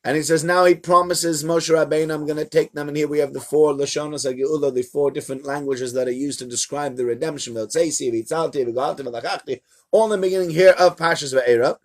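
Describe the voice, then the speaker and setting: A man, a rabbi, teaching a live-streamed Torah lesson to a small audience in a room, in an animated, chatty storytelling manner. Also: fairly high pitch, a little fast. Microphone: camera mic.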